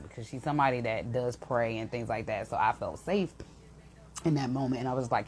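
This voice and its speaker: A young woman, an intuitive reader, telling an emotional story to her viewers in a casual, animated way. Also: very deep voice, a little fast, a little hiss or hum.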